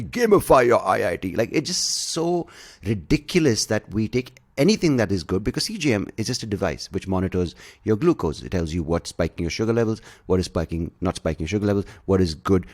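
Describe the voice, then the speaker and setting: Brief: sarcastic, swearing podcast host, low voice with lively swings. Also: male voice. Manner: rambling, profane, sarcastic. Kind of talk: ranting podcast monologue.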